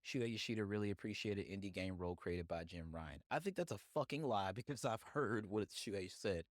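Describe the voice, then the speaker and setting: A man's voice: fairly low pitch, lively intonation, a little fast, no room sound, clean studio sound. A man hosting a solo podcast, giving heated, profane opinions on the news. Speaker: podcast host.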